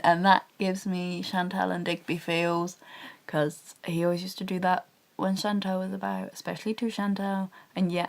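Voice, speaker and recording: A young woman gushing about a TV drama in a rambling, chatty fan vlog, talking quietly from her bedroom. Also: fairly low pitch. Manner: speaking quietly. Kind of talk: casual TV review vlog. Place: bedroom at home.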